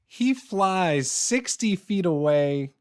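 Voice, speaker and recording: Lively animated man running a game. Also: high-pitched, slow pace, clear, resonant tone. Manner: animated, rules-explaining. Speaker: game master. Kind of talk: narrating a tabletop game.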